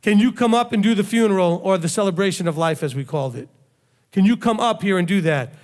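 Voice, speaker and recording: A man's voice: sits high, fast talker, darkish tone. A man who leads a congregation, preaching a conversational sermon full of rhetorical questions and emphatic repetition. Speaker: rabbi, congregation leader. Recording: long hall reverb.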